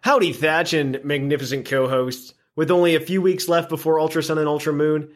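Male podcast host, upbeat, casual delivery, a little high-pitched. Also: fairly even intonation, fairly quick. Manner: upbeat, reads listener email aloud.

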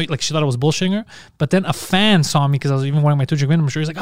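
Fast-talking animated man, podcast host. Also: fairly high pitch, dry recording, studio quality. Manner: animated storytelling, heavy swearing. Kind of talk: casual podcast chat.

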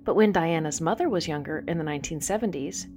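A woman in her forties from Southern California, hosting a podcast with lively, playful scripted storytelling. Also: low-pitched, fast, over music. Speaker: podcast host.

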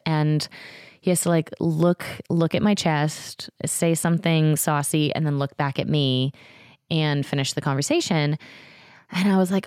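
Chatty low-voiced woman host. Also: clean tone, no echo, clean studio sound. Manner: chatty, animated, many fillers and acted-out quotes. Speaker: podcast host. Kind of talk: casual storytelling chat.

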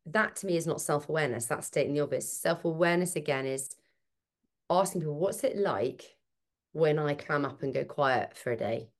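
Woman, low pitch, emphatic, animated, thinking aloud, podcast guest. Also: brisk. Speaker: podcast guest, parenting speaker. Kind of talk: casual conversational interview.

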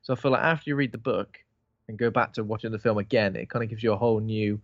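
A man's voice: lowish voice, steady tone, quick pace, no echo, dull audio. A man from Bristol, co-hosting a podcast in casual, rambling chat that keeps restarting itself. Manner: rambling, self-interrupting, informal. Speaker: podcast co-host.

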